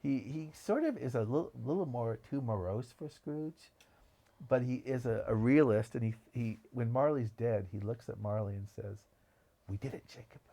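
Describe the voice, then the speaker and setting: A man's voice: medium pitch, normal speed, gravelly, warm tone. A man co-hosting a podcast, talking about films in an enthusiastic, rambling way. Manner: enthusiastic, digressive storytelling. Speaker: podcast co-host. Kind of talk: casual film discussion.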